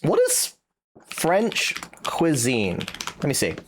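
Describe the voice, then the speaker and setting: Slow-talking British male streamer. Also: fairly high pitch, wildly swooping pitch, slight background noise. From Britain. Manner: teasing, joking banter with chat. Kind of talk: casual livestream chat.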